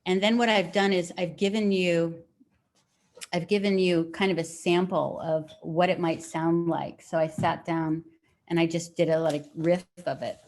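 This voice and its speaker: A middle-aged woman leading a live writing lesson over a video call, speaking in a relaxed, encouraging way and reading poems aloud slowly. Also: lowish voice. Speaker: writing teacher.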